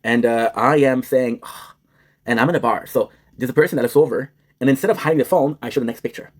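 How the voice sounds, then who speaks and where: A young man on a stream chats casually, cracking crude jokes and rambling while flipping between English and French. He talks fast with a medium-pitched voice.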